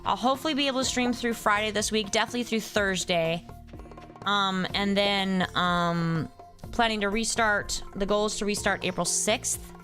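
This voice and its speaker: A woman's voice: mid-range voice, normal speed, a bit bright, soft background music. A young adult woman streamer chatting casually with her viewers, ranting in an exasperated way. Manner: exasperated ranting, reads chat names aloud. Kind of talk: casual live-stream chat.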